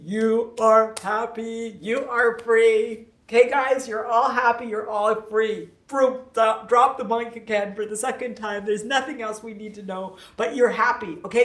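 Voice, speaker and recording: A woman's voice: a little high, a bit bright. A woman hosting a casual livestream, laughing often and reading out viewer comments. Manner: chatty, laughing, reads viewer comments aloud. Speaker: livestream host. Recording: echoey room, distant mic.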